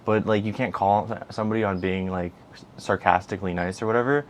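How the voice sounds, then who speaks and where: A man's voice: lowish voice, fairly even intonation, fast talker, a little hiss or hum. A man co-hosting a podcast, telling a story in casual chat, rambling and repeating himself. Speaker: podcast co-host.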